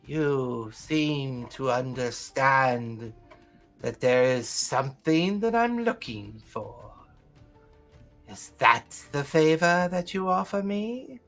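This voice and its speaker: A female sea council member questions a visitor, played by a man running the game. She speaks slowly and deliberately, with a probing tone. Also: medium pitch, expressive, fairly bright tone, faint music behind.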